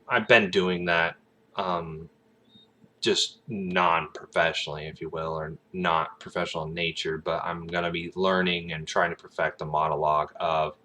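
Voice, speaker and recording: Guy with a deep bright voice, rambling vlog chat, lots of ums. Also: a little hiss or hum. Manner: rambling, sidetracked, many fillers. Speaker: aspiring actor vlogger. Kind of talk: rambling casual monologue.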